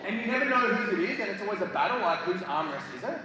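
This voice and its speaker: A man's voice: high voice, very fast, crowd noise. A man in his thirties giving a live motivational speech to students, telling comic stories and acting out voices. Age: 30s. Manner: animated storytelling, acts out voices and shouts. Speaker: motivational speaker. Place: school hall, live before students. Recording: echoey school hall from far off. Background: hall ambience.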